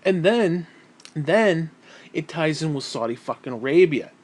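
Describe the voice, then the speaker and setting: A man's voice: a little high, animated, unhurried. A man delivering an angry, profane vlog rant, irritable and sighing heavily between outbursts. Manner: profane, irritable, heavy sighs. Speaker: vlogger. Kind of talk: angry ranting monologue.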